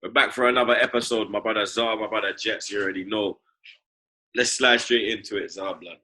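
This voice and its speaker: A young London man hosts a relaxed football podcast, his forceful, very bright voice sitting on the low side. He talks in loose slangy banter and keeps tagging his lines with "blood" and "you get me". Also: a little fast, poor audio. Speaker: podcast host. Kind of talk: casual football podcast chat.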